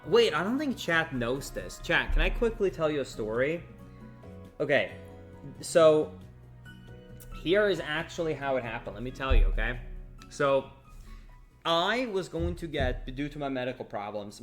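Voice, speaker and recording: A young man streaming, telling a long story to his chat in a casual, animated way, acting out the other people. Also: medium pitch, moderate pace, faint music behind. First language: not English. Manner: animated, quotes others in acted voices.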